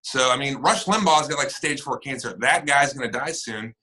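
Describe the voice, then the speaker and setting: Animated, bright-voiced man telling stories. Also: medium pitch, normal speed, poor audio. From northern United States. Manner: animated storyteller, acts out quoted exchanges. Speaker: podcast guest, military servicemember and actor. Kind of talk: casual chat.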